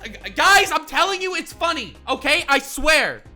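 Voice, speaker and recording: A bright, forceful male streamer reacting to clips with comedic commentary. He swears freely and bursts between loud excitement and low mutters. Faint music plays behind him. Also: moderate pace.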